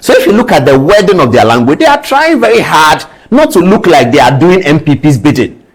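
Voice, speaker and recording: A man's voice: on the high side, very animated, fairly quick, slightly rough, low-quality recording. A man with a Ghanaian accent gives impassioned commentary, firing off indignant rhetorical questions. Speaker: news commentator.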